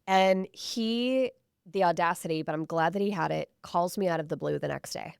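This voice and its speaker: A woman's voice: lowish voice, normal speed, gravelly, darkish tone, smooth, no echo, studio quality. A woman co-hosting a podcast, telling dating stories in casual chat with blunt, profane humor. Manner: blunt, storytelling, swears freely. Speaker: podcast co-host. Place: Houston area.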